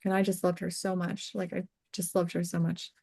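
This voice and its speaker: A woman working as a death doula, guest on an interview show, telling personal stories earnestly, full of "like" fillers, her voice going soft and quiet on tender points. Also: fairly low pitch, flat delivery, a little fast, gravelly. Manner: earnest and heartfelt, peppered with "like" fillers. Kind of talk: casual interview storytelling.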